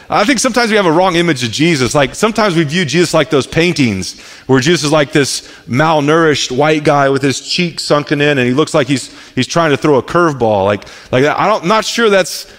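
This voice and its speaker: A male pastor in his thirties delivers a sermon in a relaxed, conversational way, often stumbling and repeating words as he restarts. His voice sits a little high and swings widely in pitch. The sound carries a long echo from a large hall. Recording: echoey hall.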